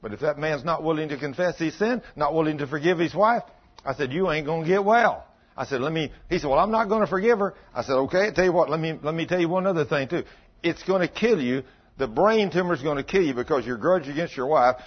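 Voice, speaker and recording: A preacher man tells sermon stories in a folksy way, acting out both sides of each conversation. His voice sits a little high and sounds husky. The recording is dull and lo-fi. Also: fast talker. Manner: folksy, acts out dialogue, drops to low intense tones. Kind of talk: sermon storytelling.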